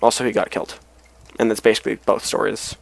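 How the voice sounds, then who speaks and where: Tired, gravelly-voiced man rambling. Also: fairly low pitch, level tone, fast talker, rough recording. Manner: rambling, mumbling asides. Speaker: let's play host. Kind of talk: casual game commentary.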